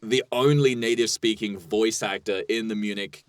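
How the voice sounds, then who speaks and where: A man's voice: on the low side, steady tone, moderate pace, no echo. A man, an improv comedian co-hosting a podcast, chatting casually in a rambling way and laughing often.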